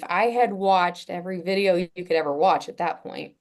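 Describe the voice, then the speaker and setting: Woman on a podcast, lowish voice, lots of ums and restarts, earnest casual storytelling. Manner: halting, with frequent "um" and restarts. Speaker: podcast guest.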